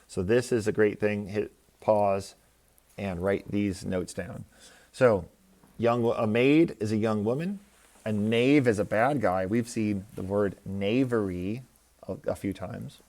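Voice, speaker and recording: Male teacher, fairly low voice, patient explainer walking students through examples. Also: slow pace, a little mellow. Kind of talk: recorded classroom lecture.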